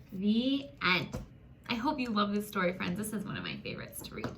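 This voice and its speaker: A woman reading a children's picture book aloud, animated and gasping, talking to young listeners as friends. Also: mid-range voice, normal speed, a little hiss or hum. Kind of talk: expressive children's story read-aloud.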